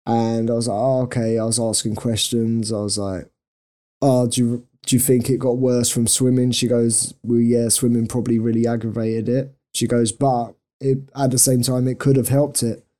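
A man's voice: mid-range voice, little pitch movement, moderate pace, dark tone. A young man on a podcast, telling a rambling, self-mocking story in casual chat and laughing often. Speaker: podcast co-host.

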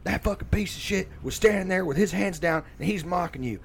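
A man voicing a furious older father who yells profanities at his son from ringside. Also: sits high, brisk, vocal fry, slight background noise, voice pushed up. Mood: seething. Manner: yelling, profane, berating. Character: furious older boxing dad, cursing, screaming at son.

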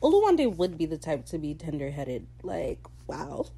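Female podcast host, casual recap chat; animated, slangy delivery with a lowish voice. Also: a little fast, slightly rough. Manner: animated, slangy, bursts into laughter.

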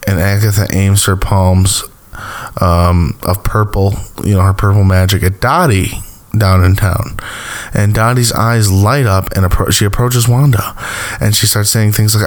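A man's voice: low-pitched, fairly even intonation, normal speed. A man casually recapping a TV episode, rambling with lots of fillers and small chuckles. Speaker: TV recap host.

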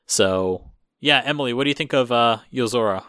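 Guy hosting a chat show, bright voice, lots of um and you know, dry room. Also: medium pitch, a little fast, dry recording. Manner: rambling, many fillers and restarts. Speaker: host. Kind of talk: casual podcast chat.

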